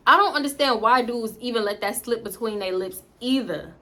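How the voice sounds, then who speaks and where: A woman vlogger telling a storytime to her viewers in an animated, blunt and profane manner, speaking straight to the audience. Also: on the high side, moderate pace. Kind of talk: casual storytime vlog.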